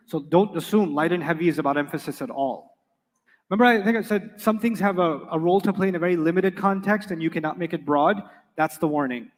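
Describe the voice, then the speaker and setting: A man's voice: high voice, in a large hall. A man teaching Arabic grammar to a class, emphatic, repeating key points and quizzing his students.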